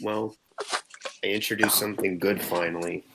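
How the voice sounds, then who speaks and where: A young man co-hosting a casual movie chat, excitable and stammering, often repeating his words. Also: low voice, moderate pace, background noise. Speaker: podcast co-host.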